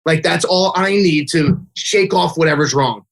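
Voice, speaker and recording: Chatty, higher-voiced man telling coaching stories. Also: moderate pace, creaky. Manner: chatty, fills speech with "like", acts out kids' and his own quotes. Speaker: youth baseball coach, podcast guest. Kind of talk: casual interview chat, storytelling.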